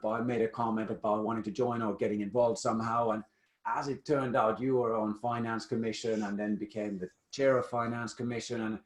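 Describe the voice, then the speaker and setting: A man's voice: fairly low pitch, echoey room. A man hosting a podcast, chatting in a jovial, rambling way with frequent restarts. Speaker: podcast host. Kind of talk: casual interview chat.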